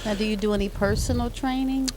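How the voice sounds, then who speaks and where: A woman's voice: medium pitch, fairly even intonation, fast, a little mellow, rough recording. A woman hosting an interview, asking questions in a playful, teasing way. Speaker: interview host. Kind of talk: casual interview.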